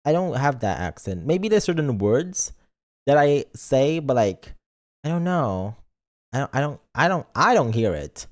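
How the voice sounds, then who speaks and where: A man's voice: mid-range voice, big pitch swings, a little slow. A man streaming and chatting casually in a playful, rambling way, reading chat messages aloud. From lives in Britain, not British.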